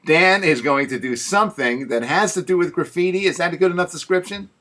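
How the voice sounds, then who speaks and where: A man hosting a casual show, telling comic stories in an animated way and laughing at his own jokes. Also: sits high, a little fast. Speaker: show host. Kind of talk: casual comedic storytelling.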